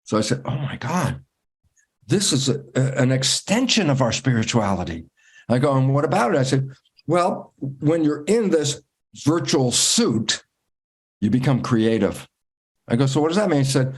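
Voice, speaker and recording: A man, a guest in an interview, telling stories in a lively way and acting out his own inner dialogue with big swings in pitch. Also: normal speed, breathy edge. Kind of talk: conversational storytelling.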